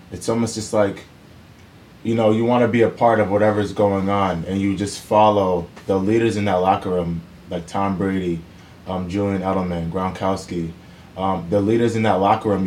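A man with a very deep voice talks loosely and casually, circling back with "you know" and "like" as he thinks aloud. A faint hiss of noise sits under his voice. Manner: relaxed, rambling, many fillers and restarts. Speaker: professional football player guest. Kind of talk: casual interview answers.

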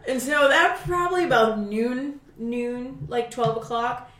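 A woman chatting casually as a podcast co-host, telling a lively story, swearing and acting out quotes. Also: a little high, a little slow. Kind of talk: casual chat. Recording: echoey room.

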